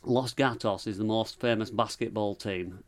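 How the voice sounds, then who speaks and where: A man's voice: lowish voice, normal speed. Rambling northern English man from Lancashire. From England. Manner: rambling, dry storyteller with northern dialect. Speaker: podcast guest. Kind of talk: casual chat.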